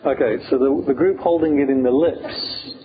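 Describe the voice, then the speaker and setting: Giving an informal meditation lesson, this British man, a Buddhist monk, talks in a mid-range voice at an ordinary pace. His delivery is joking and conversational, peppered with fillers. A thin, phone-like quality and a slight hiss color the recording.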